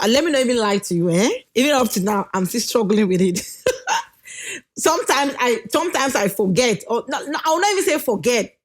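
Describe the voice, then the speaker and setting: Woman, naturally loud voice, fairly high pitch, animated, laughs often, casual marriage advice. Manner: animated, laughing often, drawing out key words. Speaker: wife giving marriage advice, channel co-host. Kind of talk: casual advice talk to camera.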